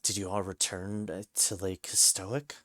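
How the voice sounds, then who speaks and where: A man voicing a frail, confused old knight in a video game, speaking slowly and remorsefully. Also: low voice, level tone, pushed and bright, no echo, studio quality. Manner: slow, halting and remorseful.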